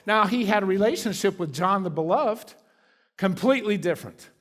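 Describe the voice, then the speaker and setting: Man preaching, slightly high voice. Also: fairly quick. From Kentucky. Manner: conversational preaching with sudden drops to a soft hush. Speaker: guest preacher. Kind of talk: sermon. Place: church sanctuary.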